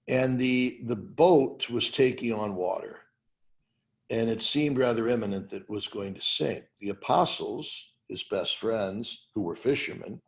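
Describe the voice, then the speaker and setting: Gravelly low-voiced older churchman on a call. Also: muffled recording. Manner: earnest storytelling, retelling scripture at length. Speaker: cardinal, guest. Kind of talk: conversational livestream discussion.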